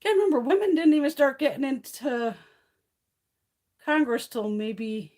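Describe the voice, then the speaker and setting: A woman in her fifties chatting casually on a live stream, blunt, profane and animated. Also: high-pitched, moderate pace. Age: 50s. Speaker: beauty livestream host.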